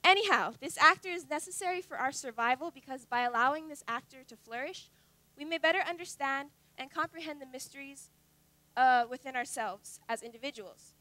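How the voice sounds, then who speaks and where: A woman's voice: high-pitched, fairly quick, pushed and bright. A teenage girl giving an earnest, confiding talk on stage, with wry asides. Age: teens. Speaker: student speaker. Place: stage at a youth talk event.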